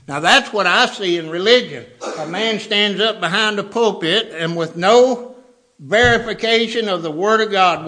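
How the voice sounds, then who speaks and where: Emphatic bright-voiced male preacher. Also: sits high. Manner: emphatic, repeats for stress. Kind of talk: sermon.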